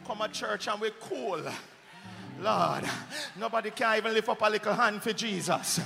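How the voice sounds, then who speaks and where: A man with a Jamaican accent preaching a fiery sermon, shouting and exhorting the congregation, breaking into song. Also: sits high, moderate pace, creaky. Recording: music playing loudly behind.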